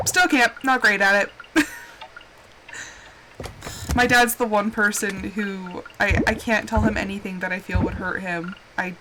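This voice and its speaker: Against a noisy background, a woman streaming games talks to her audience in a steady, medium-pitched voice, unhurried and with frequent pauses. Her casual live chat is candid, warm, and comforting, addressed right to the viewers.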